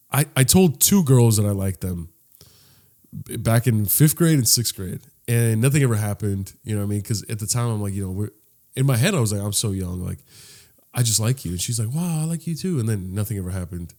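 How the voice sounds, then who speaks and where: A man's voice: on the low side, a little fast. A young man co-hosting a podcast, telling a funny childhood story in casual talk and acting out the people in it. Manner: animated, acts out voices in his stories. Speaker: podcast co-host.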